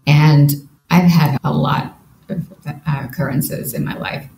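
Gravelly woman in an echoey room. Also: low-pitched, steady tone, measured pace, a little mellow, soft background music. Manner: earnest, vivid retelling with quoted inner thoughts. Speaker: guest. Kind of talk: personal storytelling in a podcast interview. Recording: roomy echo with faint background noise.

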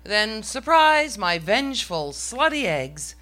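A woman's voice: mid-range voice, big pitch swings, slow pace, pushed and bright. A middle-aged woman telling a story on stage to a live audience, with a wry, self-mocking comic delivery.

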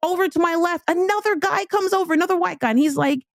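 A woman podcast host and business speaker telling a personal story in an animated, casual, slangy way. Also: extremely high pitch, fast talker, gravelly, dry recording, studio quality. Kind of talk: storytelling motivational talk.

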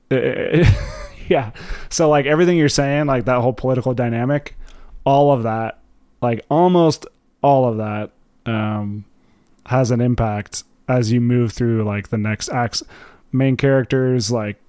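A man co-hosting a podcast in casual chat, talking quickly and enthusiastically with many fillers. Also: mid-range voice, a little mellow, no echo, studio quality. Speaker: podcast co-host.

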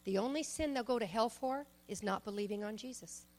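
A woman preaching a sermon, emphatic, shifting between loud exhortation and soft asides and personal stories. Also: a little high, a little fast. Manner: tells personal stories, acts out quoted speech.

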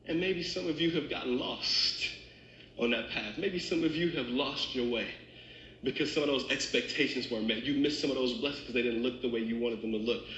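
A man's voice: medium pitch, a little fast, fairly bright tone, echoey room, a little hiss or hum, poor audio. A man preaching a sermon as pastor, building to fervent climaxes.

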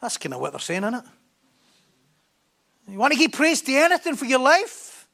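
A man preaching a sermon in an animated, joking way, often repeating words. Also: extremely high pitch, normal speed, vocal fry.

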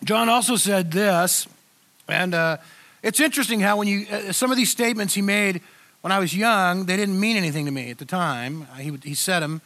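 An older male pastor preaching to his church in an easygoing way. His voice sits high for a man, and he often stops and restarts mid-thought. It sounds unscripted, like a pastor talking straight to his people. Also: pushed and bright. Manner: conversational, halting with many restarts. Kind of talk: sermon.

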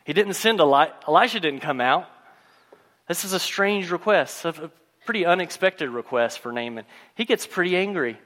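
A man preaching a sermon, retelling a story and acting out its characters' lines in a lively storytelling manner. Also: a little high, normal speed, long reverb tail. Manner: storytelling, acts out voices of the characters.

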